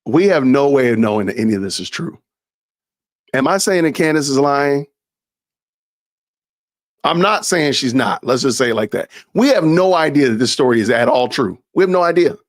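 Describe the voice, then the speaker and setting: A man's voice: medium pitch, lively intonation, normal speed, pauses often, no room sound, clean studio sound. A man giving casual reaction commentary, incredulous and laughing, with folksy asides. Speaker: commentary streamer.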